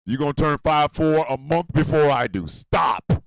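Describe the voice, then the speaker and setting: A man hosting a radio show, ranting loudly and profanely, swinging between shouting and low muttering. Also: expressive, normal speed, no echo. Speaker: host. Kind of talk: ranting commentary.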